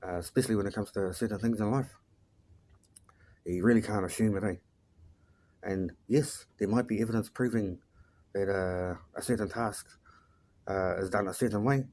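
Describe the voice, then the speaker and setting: A man's voice: fairly low pitch, darkish tone. A man, a life coach talking bluntly and profanely in a casual motivational monologue, ending his sentences with "eh".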